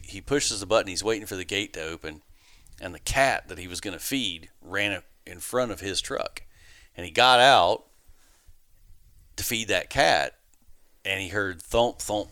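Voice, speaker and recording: A man's voice: lowish voice, clean tone, no echo, studio quality. A man telling a long story on a casual podcast, acting out the people he quotes. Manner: animated, laughing storyteller who acts out quotes. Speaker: podcast guest.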